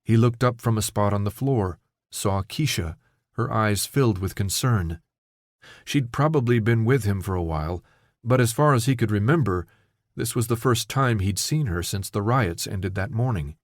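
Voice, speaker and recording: A man narrates an audiobook in a steady, measured telling with a somewhat low voice. The recording is dry and close on a studio mic, with no room sound. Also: no echo.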